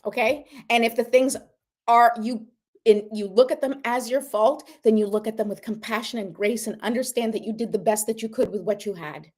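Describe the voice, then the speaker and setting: A woman's voice: fairly high pitch, a little mellow, slightly rough. A woman hosting a self-help talk, coaching her listeners directly with earnest, repetitive emphasis and frequent check-ins.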